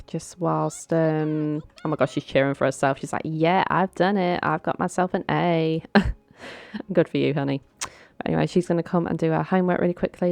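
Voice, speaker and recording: Low-pitched young woman, casual game commentator, chatty and coaxing, dry close sound. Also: gravelly, mellow, no room sound. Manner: chatty, coaxing her game characters, giggles often. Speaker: gaming channel host.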